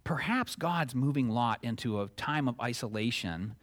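Middle-aged male pastor, relaxed conversational sermon delivery with playful acted-out exchanges. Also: medium pitch, moderate pace. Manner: conversational, chuckling asides, acts out dialogue.

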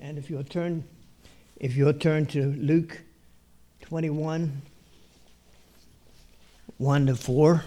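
Male preacher, slightly high voice, slow and deliberate scripture reading, clears throat often. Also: steady tone, mellow. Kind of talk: sermon, reading scripture aloud.

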